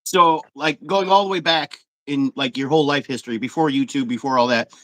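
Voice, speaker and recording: A man's voice: mid-range voice, brisk, a bit bright, dry recording. A man hosting a casual fishing interview, upbeat and loose with fillers. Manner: upbeat, reads stats with fillers. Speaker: interview host.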